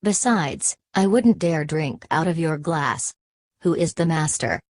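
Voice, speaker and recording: A woman reading a nervous, deferential man from inland for an audiobook. The voice is low and the reading is calm and measured. The close recording is dry. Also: no room sound, full character voice. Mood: earnest.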